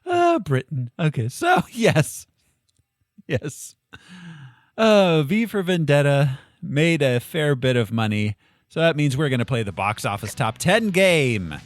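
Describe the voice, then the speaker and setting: Lively, laughing podcast host man. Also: a little high, slow pace, dry recording, clean studio sound. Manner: animated, laughs often, runs the segments. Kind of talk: casual chat.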